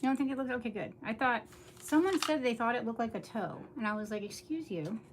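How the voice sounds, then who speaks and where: A woman's voice: on the high side, quick pace, noisy background. A middle-aged woman chatting casually to viewers on a livestream while she crafts, rambling from one thought to the next.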